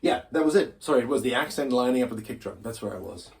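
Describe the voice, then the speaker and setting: Talking fast and expressively in a mid-range voice, this man runs a laid-back drum lesson, frequently restarting his sentences and joking at his own expense. A drum kit is being played, so loud drums and music sit under his voice.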